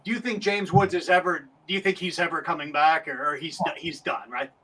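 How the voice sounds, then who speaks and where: A man who is a guest on a podcast, chatting casually and asking eager, halting questions. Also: fairly high pitch, fairly even intonation, bright, forceful tone, rough recording. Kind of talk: casual chat.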